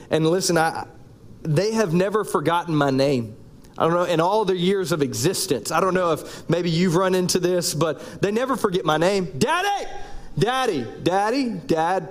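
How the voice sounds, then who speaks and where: A man with a high voice delivers a sermon from the pulpit in his thirties, speaking. He preaches in a loose, conversational way, cracking jokes and pausing between his phrases. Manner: joking, conversational preaching with pauses. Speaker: pastor.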